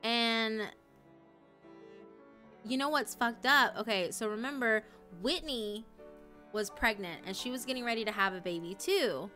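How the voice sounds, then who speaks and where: A young woman streams live while reacting to a story, chatting casually and emotionally with frequent swearing. She swings from loud outrage to low, dejected mumbling, speaking unhurriedly with many pauses over soft background music.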